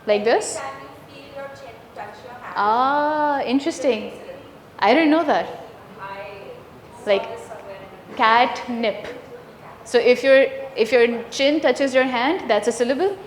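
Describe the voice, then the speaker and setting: A woman runs a teacher workshop, putting questions to the room and confirming the answers. She speaks slowly in a fairly high voice. The sound is roomy, with a long echo from the training hall. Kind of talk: interactive teacher training lesson. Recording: echoey room with long reverb.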